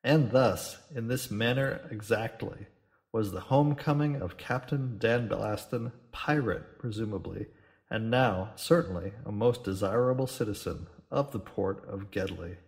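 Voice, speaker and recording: A man reading a classic adventure story aloud as audiobook narrator, in a measured storytelling manner. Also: fairly low pitch, gravelly, a little mellow.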